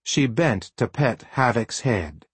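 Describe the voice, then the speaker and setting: A man reading a storybook aloud as an audiobook narrator with expressive storytelling. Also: mid-range voice, takes it slowly, slightly rough, no echo. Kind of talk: scripted narration.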